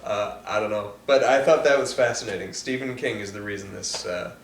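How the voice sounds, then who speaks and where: A man's voice: on the low side, fairly quick. A man hosting a casual film commentary podcast, talking enthusiastically with lots of "like" fillers. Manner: chatty, enthusiastic, heavy "like" filler. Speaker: podcast host. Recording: roomy echo, distant mic, faint hiss.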